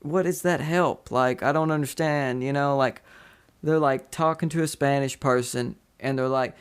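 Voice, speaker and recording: A man's voice: mid-range voice, fairly even intonation, normal speed, clear, resonant tone. A man hosting a podcast in casual chat, rambling with many fillers and restarts. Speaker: podcast host.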